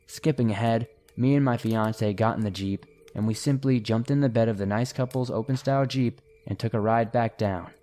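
A man narrates scary stories sent in by listeners, his voice dark and mellow. He slows right down and goes quiet at the eerie moments. Faint music plays underneath. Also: medium pitch. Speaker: horror story narrator.

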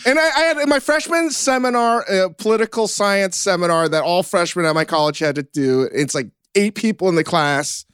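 Sheepish high-voiced man host. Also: expressive, fairly quick, few pauses, a bit bright, clear, resonant tone, dry recording, studio quality. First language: Korean. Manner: self-deprecating, sheepish. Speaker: podcast host. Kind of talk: casual chat.

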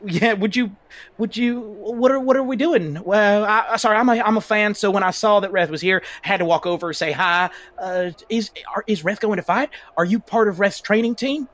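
A man's voice: very animated, fairly bright tone, no room sound. A man voicing a stammering, eager fan. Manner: stammering, eager, high and quick. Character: eager, rambling fan, a bit flustered.

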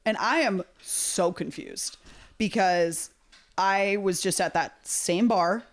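A woman with a medium-pitched voice recounts a chaotic night abroad in a relaxed, conversational way. She is animated and quick, often breaking into laughter. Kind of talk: casual storytelling chat.

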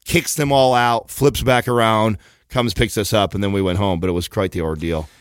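A man casually telling a story on a podcast, profane and animated, acting out the quotes. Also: on the low side, moderate pace, clear, resonant tone, no room sound, clean studio sound.

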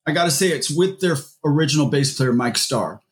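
A man's voice: on the high side, lively intonation, a little fast. A man, a musician guest, talking casually in an interview and rambling through his stories with lots of fillers and restarts. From Seattle area.

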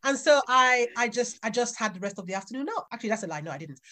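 Animated woman author telling a story. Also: on the high side, racing, background noise. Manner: animated, acts out quoted voices, laughs often. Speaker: author guest. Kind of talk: podcast interview storytelling.

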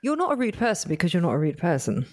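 Earnest, reflective woman, lowish voice. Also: very animated, a little mellow. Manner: reflective, earnest, slows down to make a point. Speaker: podcast co-host. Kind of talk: casual chat.

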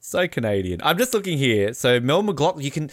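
A man's voice: mid-range voice, very animated, fairly quick. Joking man hosting a podcast. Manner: joking, rambling, lots of fillers. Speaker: podcast host. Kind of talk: casual chat.

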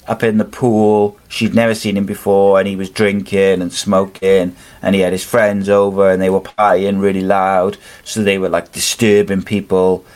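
A man's voice: lowish voice, darkish tone. A man from the UK hosting a casual wrestling podcast, rambling through stories with lots of fillers. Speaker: podcast host. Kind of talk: casual chat.

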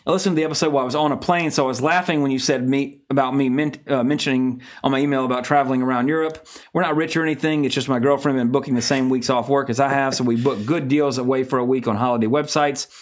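A man's voice: mid-range voice, steady tone, fast. A man co-hosting a podcast in casual chat, blunt and profane, rambling as he reads out listener emails. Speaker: podcast co-host.

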